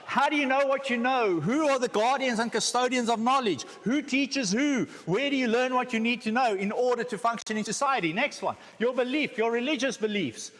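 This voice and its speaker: In an echoey church hall, a guest speaker from South Africa delivers a slide-based church teaching in a very high-pitched, fairly bright voice. He keeps the audience engaged with humor and rhetorical questions.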